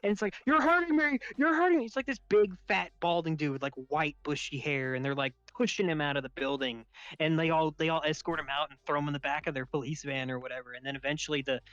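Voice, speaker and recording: A young man hosting a podcast, telling a long story in casual, animated chat, laughing and swearing freely. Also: fairly high pitch, fast talker, no room sound. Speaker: podcast host. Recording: dull lo-fi dry sound.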